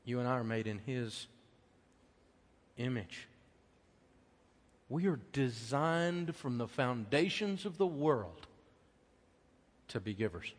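A middle-aged American man preaching a sermon as pastor, telling personal stories in a conversational way that swings from loud emphasis to hushed tenderness. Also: mid-range voice, animated, slow pace, pauses often. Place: church auditorium. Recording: long hall reverb.

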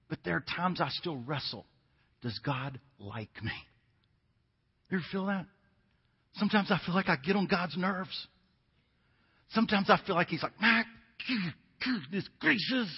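A man in his fifties delivers a sermon in a husky voice that sits high for a man. He tells stories like a conversation and drives his points home by repeating them. The sound is dull and muffled, with a long echo from a large hall. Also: expressive, a little slow, long pauses. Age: 50s. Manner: conversational storytelling with emphatic repetition. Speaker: pastor.

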